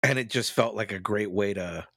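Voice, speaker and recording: A man's voice: on the low side, moderate pace, no room sound, clean studio sound. A man co-hosting a podcast, telling self-mocking stories in casual banter. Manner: self-mocking, animated storyteller. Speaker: podcast co-host.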